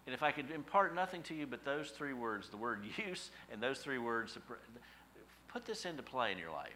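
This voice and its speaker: Bright-voiced man preaching a folksy sermon. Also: medium pitch, big pitch swings, normal speed, a little hiss or hum. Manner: folksy storytelling with rhetorical questions. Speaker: pastor.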